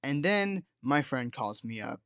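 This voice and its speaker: A man's voice: medium pitch, very animated, a little slow, a bit bright, clean tone, dry recording. Rambling teen guy telling a storytime. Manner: rambling, self-mocking, peppered with "like" and "dude". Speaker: storytime video host. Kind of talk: casual storytime monologue. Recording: dull, lo-fi, dry sound.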